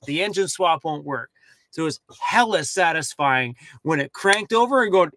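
Young male vlogger, upbeat and talkative, fairly high pitch, dry close recording. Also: moderate pace, dry recording. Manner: chatty, animated, talks to his dog. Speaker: van life vlogger. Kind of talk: casual livestream chat. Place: inside a cargo van.

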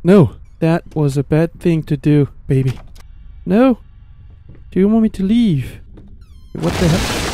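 Jumpy high-voiced man playing a horror game. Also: expressive, unhurried, dark tone, no room sound. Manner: jittery, jumps to high-pitched pleading when scared. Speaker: gamer. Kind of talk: horror game playthrough commentary.

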